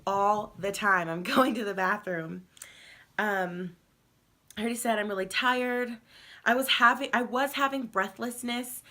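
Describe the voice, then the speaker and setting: A young woman, heavily pregnant and tired, chats through a casual vlog update. Her voice is bright and clear, her talk loose and rambling with lots of fillers, and she laughs easily. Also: mid-range voice. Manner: chatty, rambling, laughs often, many fillers. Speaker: vlogger.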